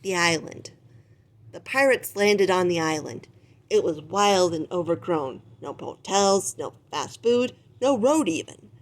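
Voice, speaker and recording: A woman reading a children's picture book aloud with expressive, animated storytelling. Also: lowish voice, a little slow. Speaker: storybook reader.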